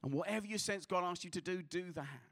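A man preaching a sermon as a pastor, earnest, often repeating his words, moving between passionate exhortation and quiet prayer. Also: sits high, fast talker.

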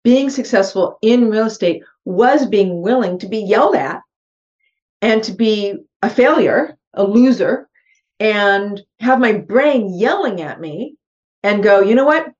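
A woman's voice: mid-range voice, lively intonation, slow, darkish tone. A middle-aged woman, a podcast guest, earnestly telling a personal story and acting out her own thoughts in quotes. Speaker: podcast guest, real estate investor. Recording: slightly dull, muffled podcast audio.

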